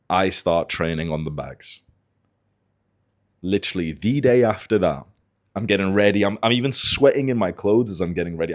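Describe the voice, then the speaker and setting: A man in his late twenties telling a personal story to camera in a casual, animated way, swearing freely. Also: sits low. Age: 20s. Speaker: self-improvement YouTuber.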